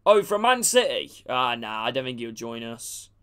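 A man's voice: mid-range voice, big pitch swings, normal speed, a bit bright, clean tone. A man casually commentating a game stream, chatting with viewers and calling them by name. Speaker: gaming streamer.

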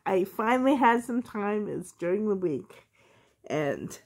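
A woman with a cold, sounding hoarse, chatting casually to her viewers in a vlog and laughing often. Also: medium pitch, expressive, measured pace. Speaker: reborn doll hobby vlogger.

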